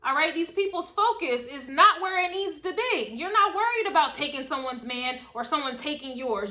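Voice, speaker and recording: Bright, emphatic woman reading tarot. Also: sits high, lively intonation, moderate pace, few pauses. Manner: emphatic and slangy, repeating a refrain. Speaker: tarot reader. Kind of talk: casual spoken tarot reading.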